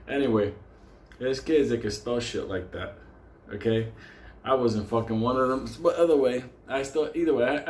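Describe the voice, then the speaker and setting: A man's voice: fairly low pitch, a little mellow. A man telling a profane, comedic story in a crude, rambling way, jumping into voices for the people in it. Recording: roomy sound with faint ambient noise.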